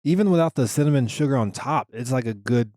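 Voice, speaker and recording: A man's voice: medium pitch, lively intonation, fast talker, a little mellow, no echo, clean studio sound. A man talking as a comedian guest on a podcast, playful and joking, swearing casually. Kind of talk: casual chat.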